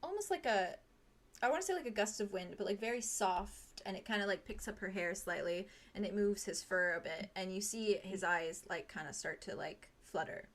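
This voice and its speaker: A woman narrating as game master of a tabletop game, chatty and quick to laugh, with many fillers. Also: medium pitch, animated, fairly bright tone.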